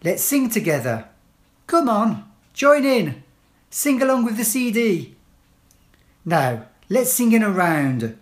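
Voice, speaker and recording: A woman reading classroom English phrases one at a time, clearly and deliberately, as a language teacher. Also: mid-range voice, sing-song. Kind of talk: slow read-aloud list of classroom phrases.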